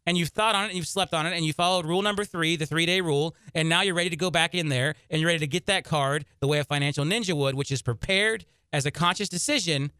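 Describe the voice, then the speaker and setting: Fast-talking bright male radio host. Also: on the high side, clean tone, no echo, clean studio sound. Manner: energetic, emphatic advice giving. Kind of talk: personal finance radio talk.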